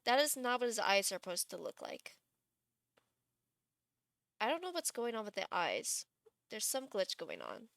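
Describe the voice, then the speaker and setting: A woman's voice: a little high, wildly swooping pitch, normal speed, gravelly, pauses often, fairly bright tone, no room sound. A woman streaming live, chatting casually and thinking aloud while she builds a game character, gushing and laughing.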